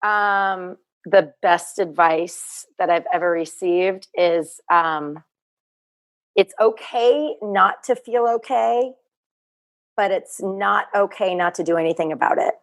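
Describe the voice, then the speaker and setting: A woman's voice: lowish voice, slow pace. A woman in her thirties, a guest on a podcast, talking earnestly and reflectively in casual chat. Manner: earnest, reflective, repeats herself. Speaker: guest, fitness business owner.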